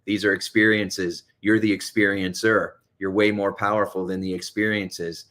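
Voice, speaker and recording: A man with a fairly low voice delivers a motivational self-help talk as a coach. He talks quickly and urgently, pressing advice on the listener. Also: little pitch movement, fairly bright tone. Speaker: hypnotherapist and coach.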